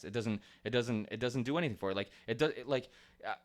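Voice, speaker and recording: A man's voice: medium pitch, fast talker. A man hosting a podcast in casual chat, rambling with many restarts, swearing and laughing easily. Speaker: podcast host.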